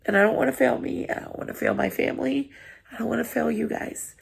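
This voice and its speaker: A woman's voice: fairly high pitch, fairly even intonation, quick pace, creaky, slight background noise. A woman vlogger, tearful after crying, talking earnestly and apologetically to her viewers, encouraging them. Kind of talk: heartfelt personal vlog talk.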